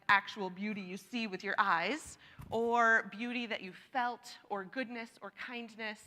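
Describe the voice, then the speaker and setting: Bright, chatty woman leading a church gathering. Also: medium pitch. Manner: chatty and encouraging, laughs often. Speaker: church worship leader. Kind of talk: leading a congregation sharing time. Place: church sanctuary. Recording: long reverb of a church hall.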